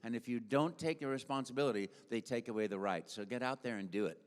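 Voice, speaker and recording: An older man, a voice actor, telling lively stories on a convention stage and filling them with sound effects and voices. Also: medium pitch, fast talker. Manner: animated storyteller, full of sound effects and voices. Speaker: guest voice actor. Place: convention stage in a large hall. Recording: echoey convention hall.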